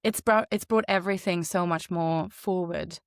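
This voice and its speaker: A woman voice actor, by birth, talking in a chatty, animated way in a casual interview. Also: lowish voice, moderate pace, clean tone, no room sound, clean studio sound. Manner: chatty and animated, laughs often. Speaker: voice actor guest.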